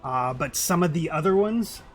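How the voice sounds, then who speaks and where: A man's voice: on the high side, lively intonation, normal speed, soft background music. Casual man running a tabletop game. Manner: casual, many fillers like "kinda" and "like". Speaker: game master.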